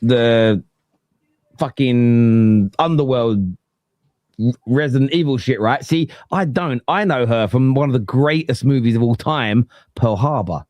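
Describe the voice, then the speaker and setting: Dry, lively podcast host, laughing a lot. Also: male voice, measured pace, no echo. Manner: laughs a lot, tells stories animatedly, jumpy pitch. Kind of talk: casual chat.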